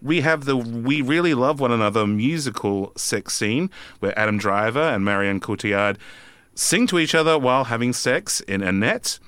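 A man's voice: mid-range voice, animated, moderate pace, a bit bright, clean tone, no echo. A man co-hosting a casual film podcast, talking with lots of hesitant fillers.

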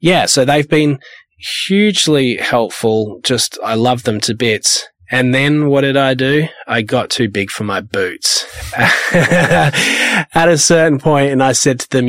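A man's voice: medium pitch, unhurried, fairly bright tone, no room sound, studio quality. A man from Perth, a music producer and label owner who tells rambling, anecdotal stories in a casual interview. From Perth, Australia. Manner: rambling, anecdotal, acts out the people in his stories.

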